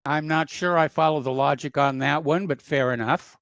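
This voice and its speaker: Brisk male radio host, smooth voice. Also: fairly high pitch, steady tone, fairly bright tone, no echo. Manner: brisk, dryly corrective. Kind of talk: talk radio hosting.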